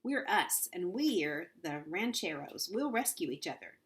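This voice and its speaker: A woman voicing an excitable, anxious young girl in a read-aloud storybook, breathless and pleading. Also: on the low side, a little slow. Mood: eager.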